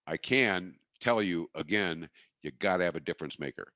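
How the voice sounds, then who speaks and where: A man's voice: low voice, expressive, moderate pace, sharp tone, no echo, dull audio. A middle-aged man from Wisconsin giving a folksy, jokey, emphatic marketing webinar talk.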